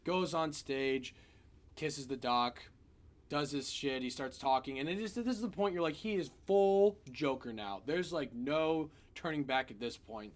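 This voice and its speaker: A man giving a casual spoiler review of a film, retelling scenes in an animated, profane way. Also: on the high side, unhurried.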